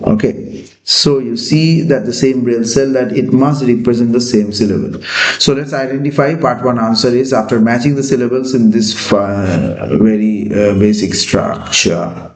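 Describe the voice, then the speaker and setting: A man teaching a lesson, talking with many pauses and fillers. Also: mid-range voice. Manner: slow, hesitant, many fillers. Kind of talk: classroom lecture. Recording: echoey room.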